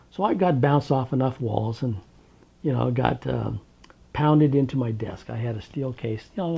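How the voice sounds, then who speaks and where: A man from Washington state tells his memories for an oral history, wry and unhurried, pausing on ums and uhs. His voice is husky with a gravelly rasp at mid pitch. The recording sounds dull and lo-fi. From Tri-Cities, Washington, USA. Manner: unhurried, wry storytelling with many fillers.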